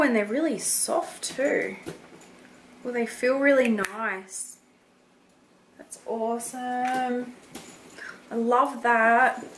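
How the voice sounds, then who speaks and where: Young woman vlogger, excitable unboxing chatter, unhurried delivery. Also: on the high side, slight background noise. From Australia. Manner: gushing, gasping, lots of "oh my God". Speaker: beauty vlogger.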